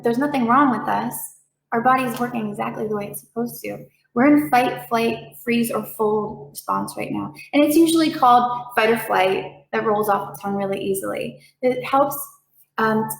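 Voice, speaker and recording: A woman giving a calm, reassuring talk as a reiki practitioner, with playful voiced asides. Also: on the high side, gravelly, echoey room, poor audio. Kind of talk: gentle explanatory talk.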